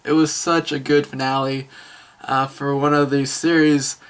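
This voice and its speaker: A young man of eighteen giving an excitable, rambling film review vlog with many fillers and restarts. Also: mid-range voice, moderate pace, smooth. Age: young adult.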